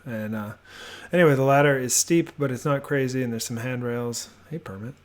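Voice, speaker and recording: A man giving a relaxed, rambling voiceover house tour from his home office, with many fillers and restarts. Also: mid-range voice, fairly quick. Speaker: homebuilding vlogger.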